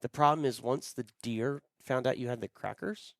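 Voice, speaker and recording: A man's voice: medium pitch, moderate pace, creaky, dry recording, studio quality. A middle-aged man co-hosting a podcast, telling travel stories in a casual, rambling way with lots of fillers. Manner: rambling, frequent fillers, friendly storytelling. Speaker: podcast co-host. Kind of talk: casual chat.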